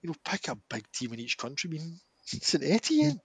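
A Scottish man co-hosts a podcast in casual chat, animated and emphatic and laughing often. His voice is a little husky. It sounds dry and close. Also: on the high side, fast, no echo. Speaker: podcast co-host.

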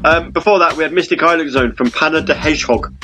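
A man's voice: on the high side, fast talker, bright, forceful tone, soft background music. A man hosting a casual chat show. He laughs often and turns mock-solemn when he reads aloud.

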